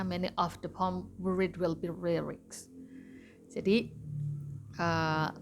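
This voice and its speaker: A woman's voice: fairly low pitch, a little hiss or hum. A woman with an Indonesian accent giving a literature lecture, explaining step by step and moving between English and Indonesian. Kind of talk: recorded lecture.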